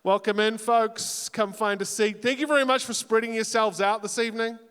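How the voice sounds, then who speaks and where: A man's voice: high-pitched, fairly even intonation, a little fast, a bit bright, smooth. A young man from New Zealand with a New Zealand accent, hosting a college talent show with dry, self-mocking jokes and teasing crowd work. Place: college auditorium stage. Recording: reverberant hall on a PA mic.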